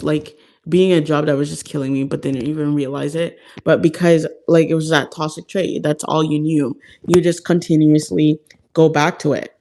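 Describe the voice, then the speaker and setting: Earnest woman with creaky vocal fry. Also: sits low, mellow. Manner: rambling, full of "like" and restarts; earnest, confiding, calls viewers "guys". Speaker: host of a self-help live stream. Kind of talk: casual heart-to-heart talk to viewers.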